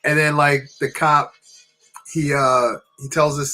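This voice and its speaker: A man from New Jersey, a channel co-host, telling a personal story in a halting, repetitive way with many restarts. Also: fairly high pitch, level tone, sharp tone, faint music behind, rough recording.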